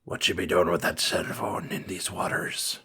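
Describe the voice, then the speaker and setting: A man's voice: sits low, steady tone, moderate pace, bright, forceful tone, pitched below the performer's own voice, full character voice. A man voicing a blustering retired quarterback who talks like a pirate. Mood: suspicious. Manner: pirate slang, gruff and blustering. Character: swaggering retired male football quarterback talking like a pirate.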